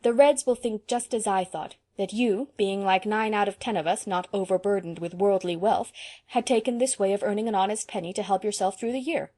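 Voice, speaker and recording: A woman's voice: mid-range voice, a little fast, mellow, close to an everyday voice. A woman reading an audiobook, voicing a practical young man who speaks in a matter-of-fact, reassuring way. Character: sensible young man student, friendly and practical. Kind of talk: audiobook character voice.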